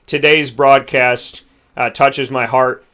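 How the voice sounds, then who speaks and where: Male podcast host with a bright voice; earnest, rambling, heartfelt delivery. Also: medium pitch, level tone, slow. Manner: earnest, rambling with many restarts.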